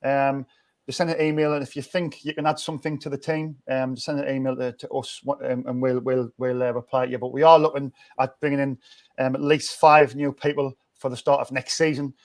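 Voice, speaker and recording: A man's voice: mid-range voice, level tone, brisk. A man, hosting a casual football fan chat, rambling and restarting often in an upbeat way. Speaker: fan channel host.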